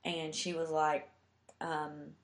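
A woman's voice: deep voice, completely flat delivery, slow pace, echoey room. A young woman telling a heartfelt personal story in a chatty way, full of fillers. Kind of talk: casual storytelling.

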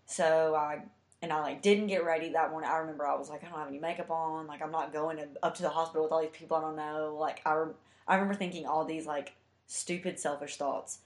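A young woman with a low voice tells a heartfelt personal story, chatty and loose with fillers. The room around her sounds echoey and roomy. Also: steady tone, fast talker. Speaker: guest telling a personal story. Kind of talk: casual storytelling.

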